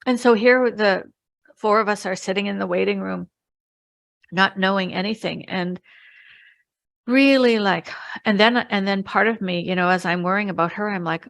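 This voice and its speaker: A middle-aged woman, a spiritual healer, telling a personal story in an interview, earnest and halting, with many restarts and quoted thoughts. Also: medium pitch, gravelly, a bit bright, no echo. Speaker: interview guest, spiritual healer and retreat leader.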